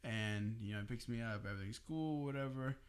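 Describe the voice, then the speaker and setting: A young man co-hosts a podcast, spinning a lively story for his friends in a casual way, cursing freely and laughing throughout. His voice sits at a medium pitch and moves a little fast.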